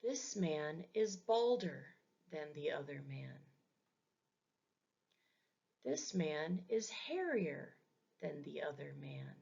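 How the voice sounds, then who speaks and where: A woman with a deep, warm, gravelly voice teaches English grammar very animatedly, but slowly and with frequent pauses. Her lesson is careful and deliberate, with example words repeated for learners, on a dull lo-fi recording.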